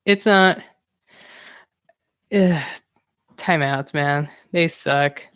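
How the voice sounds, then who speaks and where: Woman podcast host, smooth clear voice, lowish pitch, dry close sound, candid rambling chat. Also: drawn-out words, a bit bright, no echo. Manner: candid, rambling, self-reflective. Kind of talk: casual solo live-stream talk.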